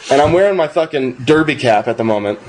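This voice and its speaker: A man's voice: medium pitch, fast. A young man, a podcast co-host, telling a long drunken-night story in casual, profane speech and acting out the quotes. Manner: profane, animated anecdote with acted-out quotes.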